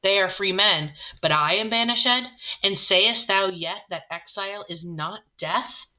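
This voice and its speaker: A woman's voice: mid-range voice, measured pace, sharp tone, highs cut off. A woman reading the lines of a desperate young man in love who has been banished, declaiming with anguish.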